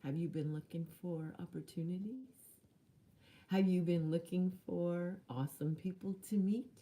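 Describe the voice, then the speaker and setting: Low, mellow-voiced motivational woman. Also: moderate pace. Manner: chatty and earnest, with laughs and dramatic whispers. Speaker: spiritual life coach. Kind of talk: motivational talk to camera.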